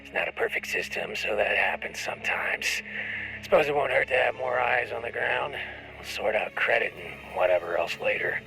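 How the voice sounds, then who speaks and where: A man's voice: medium pitch, normal speed, vocal fry, bright, forceful tone, faint music behind, low-quality recording. A man voicing a grizzled male huntsman who gives a wry, drawling mission briefing heard through a ship's speakers. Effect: played through ship speakers.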